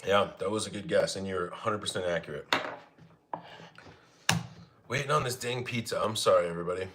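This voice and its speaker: A man's voice: sits low, brisk, heavy background noise. A young man from Arizona casually chatting and joking with viewers while he cooks at home on a livestream. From Arizona, United States. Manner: joking, chatty, laughs often. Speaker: livestream cooking host. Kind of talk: casual live chat reading comments. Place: home kitchen.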